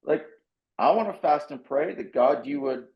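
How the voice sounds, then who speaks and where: A man's voice: a little high, normal speed, muffled recording. Man recounting scripture in a roomy echo. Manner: lively, self-mocking, acts out his own reactions. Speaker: pastor and author, guest. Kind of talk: animated conversational storytelling, reading scripture aloud.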